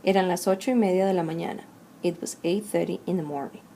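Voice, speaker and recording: Woman going thru spanish verb forms nice and slow, warm low-key voice, bit of background hiss. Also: fairly even intonation. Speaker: Spanish teacher. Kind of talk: recorded grammar lesson.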